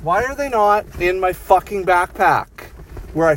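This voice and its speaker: A man's voice: sits high, expressive, a little slow, a bit bright, distant mic, a little hiss or hum. Agitated man ranting and swearing outdoors. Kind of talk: venting vlog.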